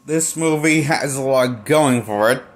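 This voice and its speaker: A man's voice: mid-range voice, measured pace. A man giving a casual film review as a movie critic, blunt and profane, rambling and restarting his sentences often.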